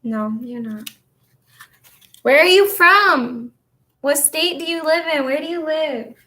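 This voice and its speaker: Woman vlogger, slightly high voice, loose casual chat, answers viewers while tidying up. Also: takes it slowly, bright, forceful tone, a little hiss or hum. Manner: chatty, rambling, answers viewer comments. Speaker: vlogger and spiritual coach.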